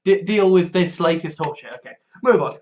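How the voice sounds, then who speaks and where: A man's voice: high voice, lively intonation, a little fast, darkish tone, highs cut off. A man in a casual rambling monologue, stumbling over restarts, swearing freely and laughing wryly at himself. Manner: wry, laughs often. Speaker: vlogger.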